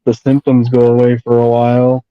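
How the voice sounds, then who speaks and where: A man's voice: mid-range voice, completely flat delivery, moderate pace, highs cut off, crowd noise. A young man in casual chat, laid-back, answering in short, easygoing replies.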